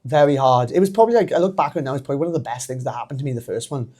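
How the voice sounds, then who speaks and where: A man in his thirties with a Welsh accent, a wrestler telling his story as a podcast guest, animated and laughing often. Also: medium pitch, rapid-fire. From Wales. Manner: animated, laughs often, acts out quoted voices. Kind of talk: casual storytelling interview.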